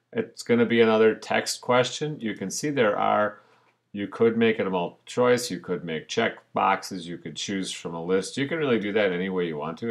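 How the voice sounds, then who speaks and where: A low-voiced man teaches over a screen recording, narrating each click as he goes. He talks slowly and casually, the way a teacher explains a task to his class. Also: creaky. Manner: relaxed, talks through each step as he clicks.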